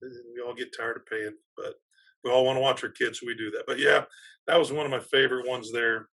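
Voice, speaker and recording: A man, an athletic director, telling animated stories as a podcast guest and laughing through them. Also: medium pitch, fairly quick, creaky. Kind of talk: casual storytelling on a podcast.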